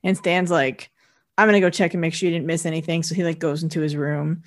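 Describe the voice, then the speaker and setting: A woman co-hosting a podcast, chatting casually about an episode with quick reactions and frequent "like". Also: low voice, fairly even intonation. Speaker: podcast co-host. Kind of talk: casual chat recapping an episode.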